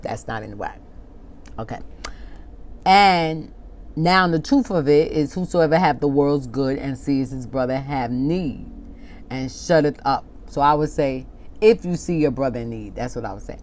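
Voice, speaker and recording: A woman with a low voice preaches an informal sermon. She lingers over each word when she reads scripture, then turns impassioned and pointed, arguing with the people she is preaching to. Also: a little mellow, a little hiss or hum. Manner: impassioned, talks back to an imagined congregation, laughs at herself; reads scripture slowly and deliberately.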